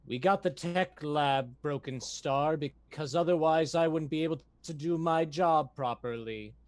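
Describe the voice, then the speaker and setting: A man's voice: on the high side, unhurried, no room sound. A man voicing a matter-of-fact robotic crew member who is wired into the ship and speaks over its intercom. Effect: heard over the ship's intercom.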